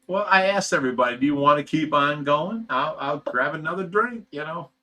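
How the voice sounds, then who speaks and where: A laid-back man from the United States hosts a relaxed livestream, chatting with viewers in a bright, forceful voice. He chuckles a lot and rambles with plenty of "you know" fillers, keeping things casual. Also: fairly high pitch, moderate pace. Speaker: livestream host reading chat. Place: fish rescue facility.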